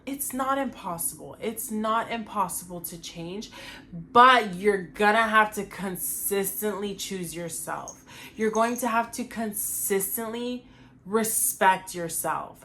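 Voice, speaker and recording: A woman's voice: mid-range voice, pushed and bright. A young woman talking earnestly and emotionally to her viewers about her weight loss, with lots of "like" and "you know". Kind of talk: casual confessional talk to camera.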